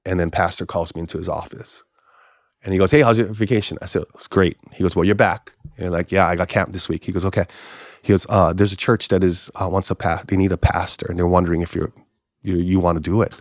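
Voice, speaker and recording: A middle-aged male pastor from Hawaii tells stories in a casual podcast interview, animatedly acting out both sides of the dialogue with jumps in pitch. He speaks at a quick pace on a dry close mic, with no room sound.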